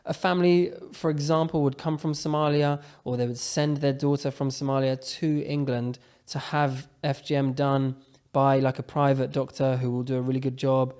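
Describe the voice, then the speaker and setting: A man's voice: medium pitch, little pitch movement, normal speed, a little mellow, smooth. A young man, a guest in an interview, asking tentative questions full of fillers. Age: young adult. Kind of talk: casual interview conversation.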